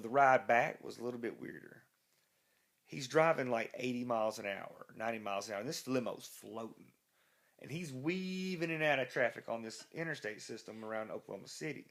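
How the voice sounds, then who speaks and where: A man's voice: mid-range voice, a bit bright. A man, a rock musician being interviewed, telling a rambling, profane anecdote full of restarts. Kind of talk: casual storytelling interview.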